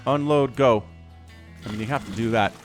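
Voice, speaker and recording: An American man giving excitable, chatty solo commentary on a strategy game, often talking straight to the players. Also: medium pitch, normal speed, faint music behind. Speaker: esports caster.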